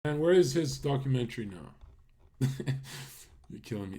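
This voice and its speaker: A man's voice: mid-range voice, expressive, measured pace, warm tone. A man live-streaming casual commentary, talking bluntly to his chat with profanity and incredulous rhetorical questions.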